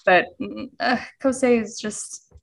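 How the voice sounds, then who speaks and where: A woman's voice: fairly high pitch, slow, creaky. A woman co-hosting a casual chat over a video call, gushing and laughing often. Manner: giggly, gushing, acts out quotes. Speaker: podcast co-host. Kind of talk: casual chat about an anime.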